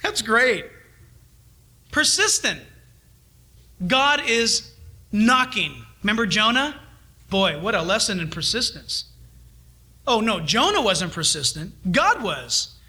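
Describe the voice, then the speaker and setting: Male pastor, middle-aged, high and bright voice, animated sermon delivery. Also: slow, long pauses. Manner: animated, swings between loud urging and hushed asides.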